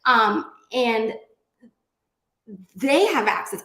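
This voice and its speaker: A woman speaking as a panelist on a video call, animated and chatty, with lots of "like". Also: mid-range voice, moderate pace. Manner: animated and chatty, many likes. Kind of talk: casual panel discussion. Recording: echoey room.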